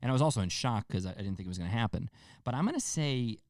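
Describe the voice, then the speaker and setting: A man's voice: mid-range voice, expressive, racing, no echo, studio quality. A man hosting a casual solo podcast, rambling loosely with lots of fillers and casual swearing. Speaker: podcast host.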